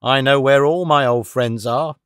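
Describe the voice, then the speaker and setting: A sly old sailor, put on by a man reading an audiobook, cringing yet sinister, with rough common speech. His voice sits at an ordinary pitch in a dry, close recording. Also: unhurried, a bit bright, dry recording, natural voice.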